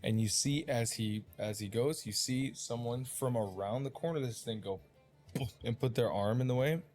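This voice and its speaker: A man's voice: mid-range voice, normal speed, darkish tone. A man in a mid-range voice running a tabletop game, narrating loosely with plenty of swearing and restarts. Faint music sits underneath. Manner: loose, profane, rambling narration. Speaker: dungeon master.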